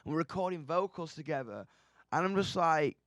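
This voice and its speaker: A young man rattles through stories in a radio studio, excitable and rambling, swearing freely. His voice sits a little high, and the room is dry. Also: a little fast, dry recording. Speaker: musician guest. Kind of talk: casual interview chat.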